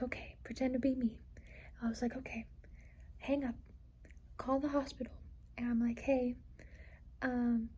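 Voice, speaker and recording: Her voice is high, dark-toned, and slightly rough, captured in a rough recording. She's a young adult vlogger in a casual personal vlog, rambling with lots of "like" and "you know" while trying to hold back tears.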